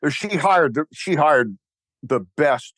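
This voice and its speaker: An older man with a Texan accent, an interview guest talking casually in a rambling, animated and wry way. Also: on the high side, slow, no room sound. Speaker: interview guest, church founder.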